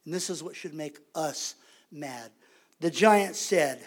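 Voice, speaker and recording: A man's voice: a little high, takes it slowly. A man preaching a sermon as pastor, conversational and emphatic, repeating his points for weight.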